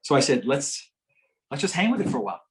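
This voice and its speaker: A middle-aged man giving a talk at a community health forum, telling a patient story with lively swings between loud emphasis and hushed, gentle quotes. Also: mid-range voice, quick pace, rough recording.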